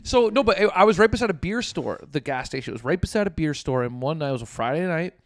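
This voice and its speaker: A young man with a Canadian accent co-hosts a comedy podcast and tells loose, profane stories. His voice sits fairly high for a man, with a dry, close sound. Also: expressive, fast talker, no echo. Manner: rambling profane storytelling. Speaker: podcast co-host. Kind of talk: casual comedic chat.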